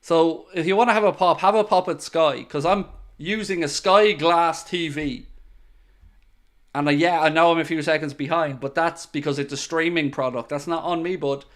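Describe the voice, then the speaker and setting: Young man, fairly high voice, calls a match live for his stream and chats with viewers, excitable. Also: normal speed. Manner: excitable, bursts into loud groans at near misses, chatty asides to viewers. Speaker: football watchalong streamer. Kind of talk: live match commentary with chat.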